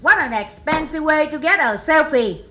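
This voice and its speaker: A woman's voice: high voice, lively intonation, moderate pace, sharp tone, a little hiss or hum. A woman from Vietnam with a Vietnamese accent doing a stand-up set of one-liners, chuckling at her own jokes. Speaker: stand-up comedian. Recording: live comedy club crowd laughter.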